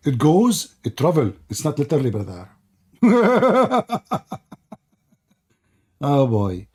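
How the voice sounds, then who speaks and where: A sarcastic man runs a live debate, his voice sitting a bit high with a warm, mellow tone. He is hoarse from hours of talking and keeps mocking in a sing-song way. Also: big pitch swings, takes it slowly, long pauses. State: losing his voice. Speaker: host of a live debate stream.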